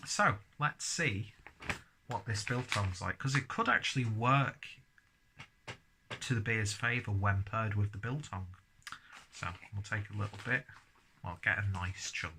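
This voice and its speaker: A man's voice: fairly low pitch, lively intonation, a little slow, bright, forceful tone, slight background noise. A man giving a casual beer and snack tasting review, chatting as he chews. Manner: chatty, talks while chewing.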